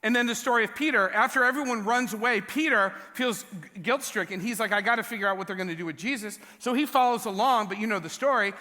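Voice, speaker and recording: Animated, bright-voiced male pastor. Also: high voice, fast, few pauses. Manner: animated storytelling, self-mocking humor. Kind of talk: sermon. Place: large church hall. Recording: long church hall reverb.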